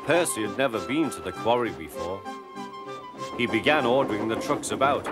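Male storybook narrator, expressive, gentle, lively pitch, background music. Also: normal speed.

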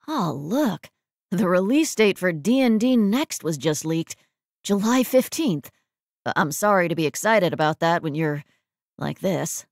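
A woman voicing a soft, apologetic man. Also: lowish voice, animated, a little slow, creaky, dry recording, studio quality. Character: apologetic, gently teasing man.

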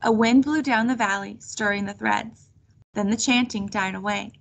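A woman reading a children's chapter book aloud in a steady storytelling manner. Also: mid-range voice, moderate pace, gravelly. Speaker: reader.

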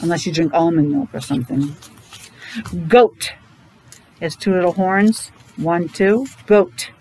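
A woman's voice: fairly low pitch, normal speed, mellow, slight background noise, low-quality recording. A woman teacher with a Rhode Island accent, chatting to her students as she introduces a picture book, making playful animal sounds.

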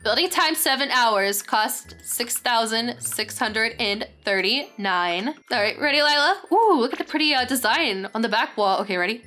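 A young woman hosting a game tour, gushing with excitement and saying "very, very" over and over as she chats casually. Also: fairly high pitch, normal speed, hardly any pauses. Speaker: gaming channel host. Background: faint background music.

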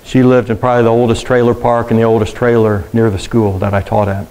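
A man's voice: mid-range voice, flat delivery, fast, a little mellow, low-quality recording. A middle-aged man, a pastor, preaching a sermon to a congregation, telling personal stories in a conversational way and asking the room questions.

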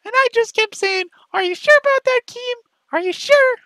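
A man's voice: moderate pace, sharp tone, no room sound, rough recording. A man doing a mocking impression of a whiny, self-pitying young man who nags a rival with repetitive questions. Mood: shrill ranting. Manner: nagging, repetitive, shrill questioning. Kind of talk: mocking impression in a commentary video.

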